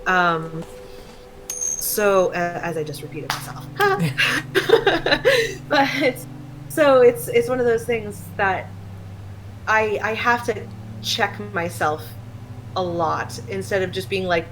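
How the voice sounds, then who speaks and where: A woman's voice: medium pitch, lively intonation, takes it slowly, long pauses, a bit bright, a little hiss or hum, rough recording. A woman talking candidly in a casual chat, rambling and laughing often. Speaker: stream co-host.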